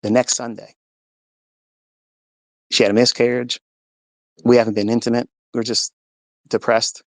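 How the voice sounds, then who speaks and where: Gravelly man telling a personal testimony. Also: medium pitch, flat delivery, measured pace, no room sound. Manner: earnest storytelling, reenacting his own past words; religious. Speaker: trading mentor. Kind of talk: personal testimony told to an audio-chat audience.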